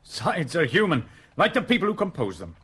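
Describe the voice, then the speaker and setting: A scheming Puritan zealot, cool and righteous with swinging pitch; radio drama. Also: male voice, sing-song, fairly quick, a bit bright. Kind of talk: 1970s radio drama acting.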